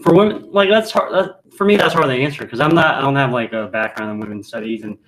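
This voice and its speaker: A man's voice: medium pitch, fast, fairly bright tone, low-quality recording. A man talking hesitantly as a guest on a casual podcast. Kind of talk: casual chat.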